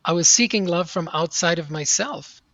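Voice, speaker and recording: A middle-aged man with a fairly high voice tells a personal story in an earnest, animated way. The audio is dry and a bit dull, close to the mic with no room sound. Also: moderate pace, dry recording. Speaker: podcast guest. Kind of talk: storytelling interview answer.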